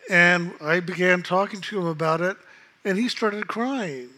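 A man calmly telling a personal story in a reflective, unhurried way, acting out the voices of others in it. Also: high-pitched. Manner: calm, unhurried, reflective, acts out quoted voices. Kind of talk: casual spoken storytelling.

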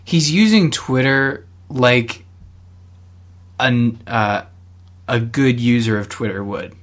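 A man from Canada co-hosting a casual chat podcast, relaxed and explaining with many ums and uhs. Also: medium pitch, takes it slowly. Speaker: podcast co-host.

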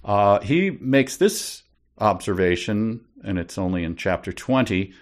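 A man's voice: fairly low pitch, expressive, measured pace. A man co-hosting a casual chat, musing and wandering between thoughts. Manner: musing, meandering. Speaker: podcast co-host. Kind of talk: casual book discussion.

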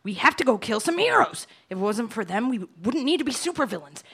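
A woman's voice: a little high, big pitch swings, fast, fairly bright tone, breathy edge, full character voice. A woman playing a cocky, foul-mouthed young wannabe supervillain in a comedy audio drama. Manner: cocky, swearing constantly. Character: brash foul-mouthed young villain wannabe, gun-waving mugger.

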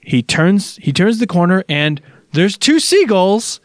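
A man's voice: high voice, very animated, measured pace, no echo, studio quality. A man co-hosting a casual chat podcast, rambling with many restarts and fillers. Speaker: podcast co-host.

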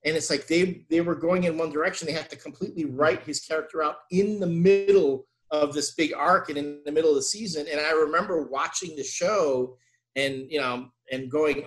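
A man co-hosting a casual podcast chat, talking in an animated, exasperated, ranting way. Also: on the high side, normal speed. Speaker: podcast co-host.

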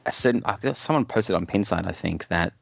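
A man's voice: sits low, animated, brisk, gravelly, no room sound. A man co-hosting a casual podcast, rambling with frequent restarts and hedges. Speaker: podcast co-host. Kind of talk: casual chat.

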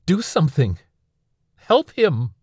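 A man voicing a grieving young survivor who pleads and shouts through tears. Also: mid-range voice, fairly even intonation, normal speed, gravelly, husky, no room sound, clean studio sound, voice pushed up. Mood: desperate.

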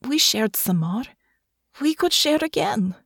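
A woman's voice: on the high side, big pitch swings, a little slow, fairly bright tone, husky, no echo, clean studio sound, voice pushed up, exaggerated voice. A woman reading a story aloud, voicing a fierce young woman soldier who speaks formally, without contractions, and pleads through grief. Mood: pleading.

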